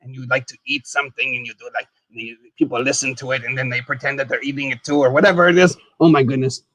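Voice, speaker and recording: Chatting between bites on a casual live stream, this man speaks fast at a medium pitch, and there's no room sound. He exclaims a lot, stays excitable, and calls himself "the dead skeleton" in the third person.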